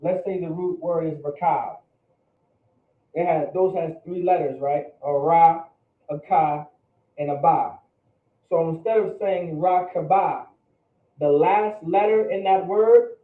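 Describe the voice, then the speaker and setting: Male Hebrew teacher, high voice, far from the mic, thin phone-like sound, patient and repetitive. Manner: patient, checks understanding with repeated questions. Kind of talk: classroom teaching. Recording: roomy, distant, phone-like lo-fi.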